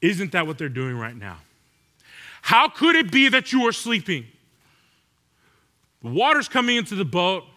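A man's voice: high voice, wildly swooping pitch, moderate pace, pauses often, bright, forceful tone. A man preaching a sermon in a conversational way, asking the congregation rhetorical questions.

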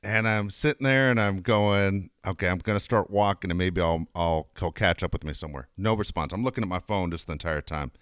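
A man's voice: low-pitched, a little fast, hardly any pauses, fairly bright tone, clean tone, dry recording, studio quality. A man hosting a casual talk show, telling a rambling story earnestly and laughing often. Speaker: podcast host.

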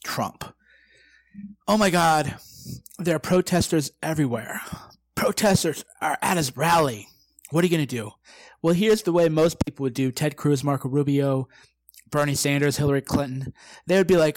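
A man's voice: fairly high pitch, moderate pace, pauses often, no room sound. A brash man, likely in his twenties, giving a profane motivational talk and acting out quoted exchanges. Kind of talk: direct-to-camera motivational talk.

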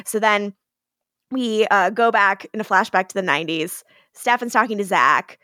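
A woman's voice: medium pitch, animated, a little slow, bright, forceful tone, no room sound, clean studio sound. A woman co-hosting a podcast, casually recapping a TV episode, laughing often and swearing freely.

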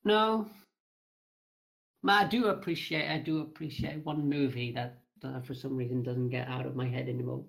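Low gravelly-voiced woman, hesitant guest. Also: steady tone, moderate pace. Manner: hesitant, repeats words, nervous. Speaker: interview guest. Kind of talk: casual podcast chat.

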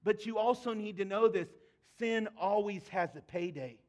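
A man's voice: high voice, moderate pace, darkish tone. A man preaching a sermon as pastor, talking to his congregation in a conversational, earnest way and sometimes voicing pleading prayers.

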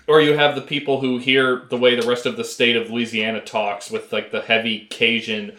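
A man in casual podcast conversation, dry and sarcastic in his comments. His voice has a middle pitch and sounds ordinary in tone. The recording has a noticeable roomy echo around him. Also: steady tone, moderate pace, fairly bright tone. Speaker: podcast co-host. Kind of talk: casual chat.

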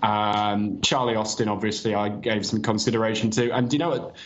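Low-voiced man musing over a call. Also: fairly even intonation, a little fast. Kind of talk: casual football chat on a video call. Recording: dull lo-fi video call audio.

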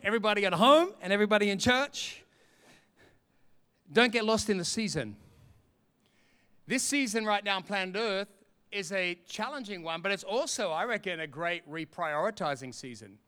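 A man preaching a sermon, animated and humorous, acting out little scenes. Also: sits high, moderate pace, clean tone. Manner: animated, humorous, acts out quotes. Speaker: pastor.

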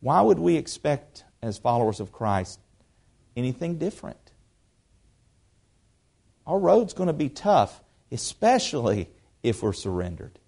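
A man preaching a sermon in a conversational way, repeating words as he goes and swinging between quiet asides and loud, emphatic stretches. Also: medium pitch, sing-song, a little slow, creaky, pauses often, breathy edge. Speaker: pastor.

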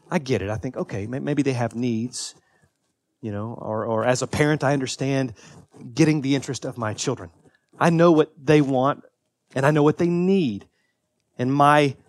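A man in his thirties preaches as a pastor, earnest throughout, alternating between emphatic highs and quiet confessional moments while often restarting and repeating. His voice is mid-range, with no room sound.

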